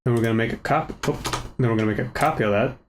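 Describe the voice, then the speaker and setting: A man of ordinary pitch talks through a software tutorial in a loose, muttering way, joking at his own mistakes as he goes. His desk microphone is turned up too far, so the sound is harsh and overdriven. Faint keyboard clicks sit behind him. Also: fast talker, slight background noise. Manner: relaxed, self-mocking, mutters to himself while working. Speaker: tutorial host. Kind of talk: casual screen-recorded software tutorial. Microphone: desk microphone with gain set too high.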